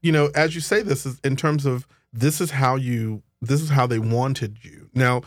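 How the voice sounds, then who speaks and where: A man's voice: mid-range voice, steady tone, normal speed, no room sound. A chatty male host with a mid-range voice who keeps his interview playful and acts out his own reactions. The recording is dry and close-miked. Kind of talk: casual interview chat.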